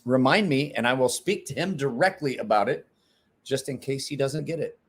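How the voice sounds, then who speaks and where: Brief: man, mid-pitch, loose rambling livestream host, drops the odd swear word. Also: lively intonation, normal speed, husky. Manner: rambling, self-interrupting, swears casually. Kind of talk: casual livestream chat.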